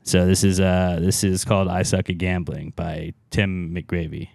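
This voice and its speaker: A man's voice: low-pitched, flat delivery, measured pace, vocal fry. A man co-hosting a podcast in rambling, laid-back casual banter. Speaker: podcast co-host.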